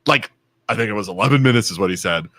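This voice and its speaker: A man's voice: on the low side, animated, quick pace, a bit bright, no room sound. A man co-hosting a live local talk podcast, frank and indignant in casual chat. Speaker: podcast co-host.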